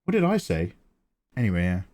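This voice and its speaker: A middle-aged British man hosting a livestream, chatting casually with viewers and answering them with quick jokes and asides. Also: low voice, wildly swooping pitch, darkish tone. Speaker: livestream host. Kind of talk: casual chat with viewers while drawing.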